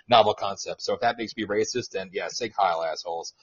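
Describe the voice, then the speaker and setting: Man, husky voice, dry lo-fi sound, blunt scornful podcast rant, swears a lot. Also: sits low, fairly even intonation, fast talker, hardly any pauses, no room sound. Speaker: co-host. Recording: dull lo-fi audio.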